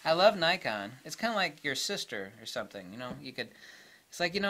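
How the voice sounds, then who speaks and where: A man's voice: fairly high pitch, sing-song, a little fast, bright, forceful tone. A man ranting to camera in a casual, blunt way, opinionated and laughing at his own jokes. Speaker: camera vlogger.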